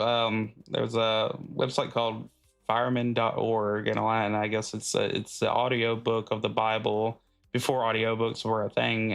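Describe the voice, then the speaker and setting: A man's voice: medium pitch, creaky, fairly bright tone. A man hosting a podcast in casual chat, rambling with many fillers and frequent laughs. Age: adult. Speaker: podcast host.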